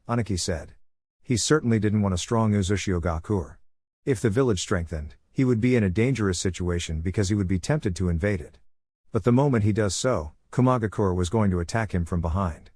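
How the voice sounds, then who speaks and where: A man reads fan fiction aloud in a steady, plain way. His voice sits on the low side. The recording is dry and close, with no room around it. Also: no room sound. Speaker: narrator.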